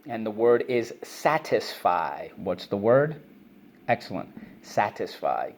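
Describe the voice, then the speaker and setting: Slight background noise sits behind a man's lowish voice as he leads kids through an online phonics and vocabulary lesson. He keeps things brisk and repetitive, drilling words, prompting the children, and praising what they say.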